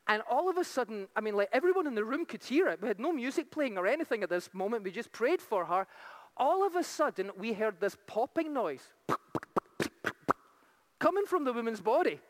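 A woman preaching a sermon, reading scripture slowly and with weight, then telling stories quickly and fervently. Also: a little high. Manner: fervent, rising to exclamations.

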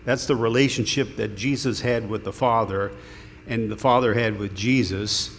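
With a lowish voice, a steady tone and a moderate pace, this preacher delivers his sermon earnestly and conversationally, restarting in small ways. Long hall reverb and faint room noise surround him.

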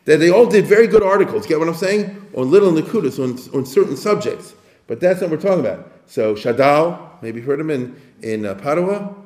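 A man's voice: medium pitch, dark tone, echoey room. A man giving an informal lecture in a conversational way, often digressing and checking with his listeners. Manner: conversational, digressive, asks the audience for assent.

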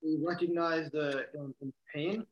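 A man who is a student in a Talmud class, reading the commentary aloud haltingly and then paraphrasing it. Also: fairly high pitch, fairly even intonation, muffled recording.

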